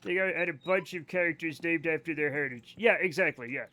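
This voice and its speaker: High voiced guy streaming a game, swearing a lot and rambling at chat. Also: fast talker, bright, forceful tone. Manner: rambling, profane, joking asides to chat. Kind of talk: casual live-stream chat with viewers.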